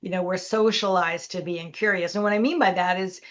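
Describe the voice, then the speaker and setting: A woman's voice: fairly low pitch, fairly even intonation, brisk. A middle-aged woman, a leadership coach, telling a story as a podcast guest and acting out the dialogue. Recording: dull lo-fi audio.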